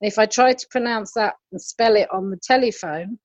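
An English woman with a British accent chatting casually and telling stories in an animated way. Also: mid-range voice, a little fast, no room sound, highs cut off. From England. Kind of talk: casual chat.

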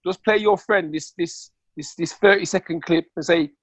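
A man's voice: high voice, moderate pace, no echo. A man in casual group chat, joking and repeating his words.

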